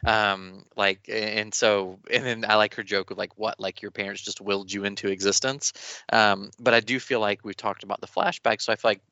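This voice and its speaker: A man co-hosting a podcast in casual chat, rambling and animated with many restarts. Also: lowish voice, brisk, clean tone, no room sound, highs cut off. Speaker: podcast co-host.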